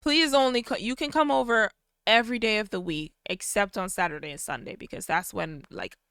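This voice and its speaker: A woman voicing a gentle, evasive young woman, speaking in a quiet, soothing, hesitant way. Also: mid-range voice, brisk, clean tone, no room sound, studio quality, close to an everyday voice. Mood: placating.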